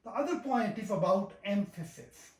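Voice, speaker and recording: A teacher giving a grammar lesson, talking deliberately, repeating key terms and reciting verses slowly. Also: mid-range voice, expressive. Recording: roomy echo.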